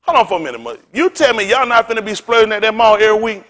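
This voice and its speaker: A male pastor preaches a fiery sermon in a high voice. His pitch leaps all over as he hammers the congregation with rhetorical questions, then sinks into low, conversational asides. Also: sing-song, fast talker, fairly bright tone.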